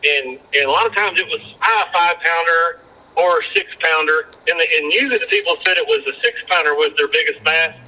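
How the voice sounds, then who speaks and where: A former fishing guide talks as a guest on a podcast. He tells rambling stories full of restarts and repeated words. His voice is very bright and sits a little high for a man. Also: a little fast, low-quality recording. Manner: rambling anecdotes with many restarts. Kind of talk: casual storytelling chat.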